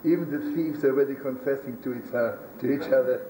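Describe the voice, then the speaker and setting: A man's voice: medium pitch, fast, mellow, close to an everyday voice. A man voicing an old rabbi who pleads with God in anguish, in an echoey archival recording made from a distance. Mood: pleading. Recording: roomy archival recording from a distance, faint hiss.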